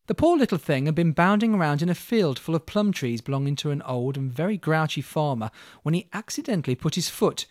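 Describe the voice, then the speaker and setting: A man telling a fairy tale in an expressive, playful way, speaking straight to the listener. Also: a little high, no room sound, studio quality. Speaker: storyteller. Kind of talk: dramatic storytelling.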